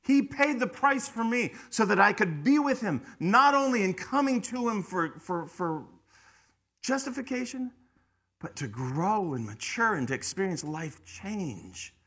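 Pastor guy preaching, bright forceful voice a bit high, goes from quiet to loud, stumbles on repeats. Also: sing-song, measured pace, husky. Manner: dynamic preaching, swings from hushed to loud emphatic; repeats words when starting phrases. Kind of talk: sermon.

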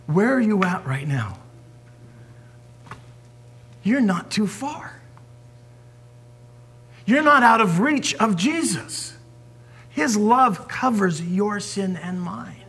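A man preaching a sermon as a pastor, swinging from forceful emphasis down to hushed whispers. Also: high voice, big pitch swings, slow pace, pauses often, husky.

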